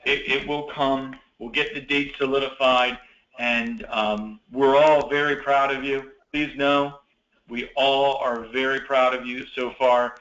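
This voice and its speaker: A man's voice: medium pitch, steady tone, a bit bright, roomy sound, highs cut off. Upbeat man hosting an online meeting. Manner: apologetic, encouraging, halting restarts. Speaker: meeting host for student teachers.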